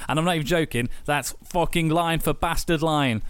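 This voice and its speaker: A man's voice: fairly high pitch, normal speed, clean tone, no echo. A man, co-hosting a casual podcast, telling stories with lots of swearing. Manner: sweary, animated storytelling. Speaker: podcast co-host. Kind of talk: casual chat.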